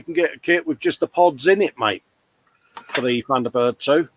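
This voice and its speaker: A man's voice: mid-range voice, normal speed, no echo, poor audio. A man co-hosting a hobby livestream, casually chatting and reading out viewer comments, calling everyone mate. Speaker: livestream co-host.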